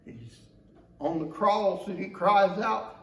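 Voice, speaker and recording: Preaching slowly from the pulpit of a church sanctuary, this Georgia, USA pastor is passionate, moving from loud outcries to hushed, low passages with large swings in pitch and volume. The recording is muffled, with echo from the church and the distant mic.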